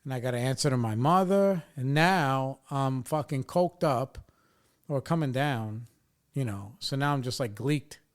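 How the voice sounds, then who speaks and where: A man's voice: mid-range voice, unhurried. Rambling, foul-mouthed storyteller guy. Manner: rambling, profane, with frequent "right?" and "you know". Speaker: podcast host. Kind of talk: casual storytelling.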